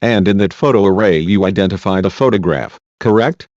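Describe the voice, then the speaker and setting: A man reading a male defense lawyer's questions, measured and reassuring, in a dull lo-fi recording. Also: deep voice, darkish tone, no echo, lightly acted. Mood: courteous. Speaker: cross-examining lawyer.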